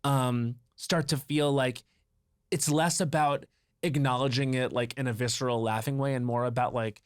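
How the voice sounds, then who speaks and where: A man's voice: medium pitch, fairly even intonation, normal speed, clean tone, no echo, studio quality. A man co-hosting a podcast, talking eagerly and rambling with many fillers. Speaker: podcast co-host. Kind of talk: casual podcast chat.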